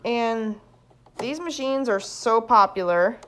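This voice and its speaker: Excitable woman vlogging at home, a touch high-pitched, talks slowly. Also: a little hiss or hum. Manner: excitable, showing things off. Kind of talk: casual home vlog. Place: indoors at home.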